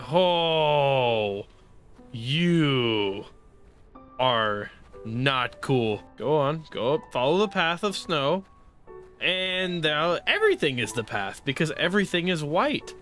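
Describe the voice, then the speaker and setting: A young man doing let's play commentary, excitable and sarcastic, pleading and shouting at the game as he plays. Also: a little high, normal speed, faint music behind. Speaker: gaming YouTuber.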